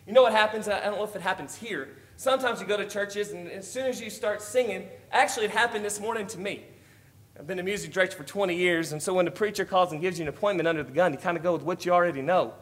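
A male preacher with a high-pitched voice gives a sermon at a quick pace. He rises to forceful, emphatic declarations and then drops back into quiet, conversational asides.

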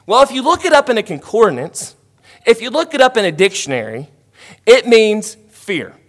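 A high-pitched male preacher delivering a sermon. He builds to forceful, emphatic declarations, then falls back to quiet, conversational asides. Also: huge pitch swings, a little fast.

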